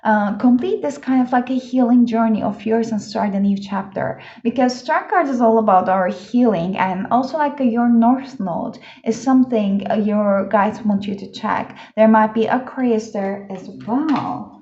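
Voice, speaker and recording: A woman with a fairly high voice gives a casual pick-a-card tarot reading, chatty and enthusiastic. Her talk is full of fillers. The lo-fi recording sounds dull and echoes around the room. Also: moderate pace, hardly any pauses, dark tone.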